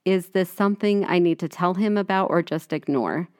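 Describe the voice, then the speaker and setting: With a fairly low, clear and resonant voice at normal speed, this podcast co-host, a woman in her forties, tells stories in casual conversation and animatedly performs the lines she quotes. The audio is dry and studio-clean.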